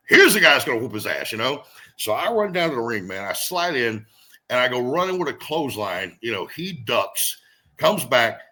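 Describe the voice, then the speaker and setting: A middle-aged man, a veteran pro wrestler, telling stories in a casual interview, animated and profane, acting out the people he quotes. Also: mid-range voice.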